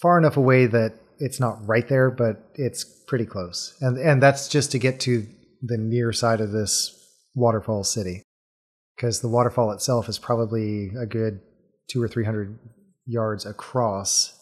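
A man running a tabletop role-playing game as game master, describing scenes in unhurried detail. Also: medium pitch, fairly even intonation.

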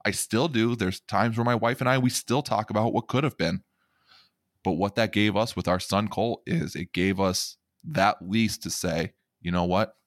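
A middle-aged man with a very low voice talks on a podcast in an earnest, reflective way, often repeating his words as he goes. The recording is close and completely dry. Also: moderate pace, dry recording. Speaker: podcast host. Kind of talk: emotional conversational podcast talk.

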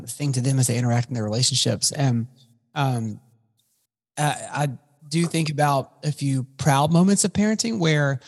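A man's voice: fairly high pitch, vocal fry, a little mellow, breathy edge. A man co-hosting a casual podcast conversation, rambling, restarting his sentences and filling the gaps with ums. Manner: rambling, with frequent restarts and fillers. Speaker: podcast co-host. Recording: long reverb in the room.

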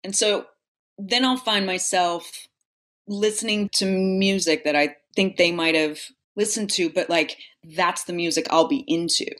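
A woman's voice: on the low side, fairly even intonation, unhurried, a bit bright. A young adult woman, an actress, talking earnestly and reflectively in an interview. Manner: reflective, earnest, grows emotional. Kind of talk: casual interview conversation.

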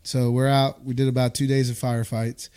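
A man in his thirties from the United States, casually telling a war story, animated and acting out the voices he quotes. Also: medium pitch, fairly quick, clear, resonant tone.

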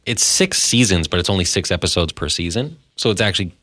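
A man with a fairly low voice co-hosts a podcast in easy, self-deprecating chat. The sound is dry and close, with no room around it. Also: lively intonation, fast talker, sharp tone, no room sound. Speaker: podcast co-host. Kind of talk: casual chat.

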